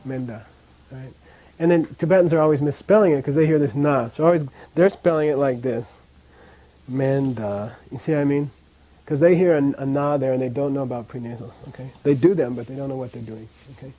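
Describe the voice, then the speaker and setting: A man teaching a language class, drilling pronunciation by repeating sounds and checking in with the students, his voice often dropping quiet at the ends of phrases. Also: medium pitch, fairly even intonation, fast talker, few pauses, poor audio.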